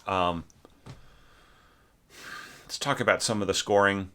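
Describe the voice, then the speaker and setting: A man's voice: fairly low pitch, slow pace, sharp tone. A man giving a loose, rambling spoken critique of a student's orchestration, full of fillers and sung musical figures. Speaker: orchestration teacher.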